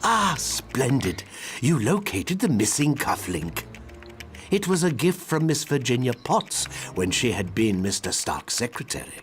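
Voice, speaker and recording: A man's voice: mid-range voice, big pitch swings, a little slow, soft background music. An actor playing a formal, courteous male butler with a British accent in a video game. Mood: dry.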